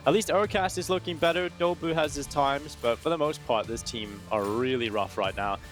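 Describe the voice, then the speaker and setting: Steady, matter-of-fact esports analyst man. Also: on the high side, normal speed, soft background music. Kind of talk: casual panel analysis.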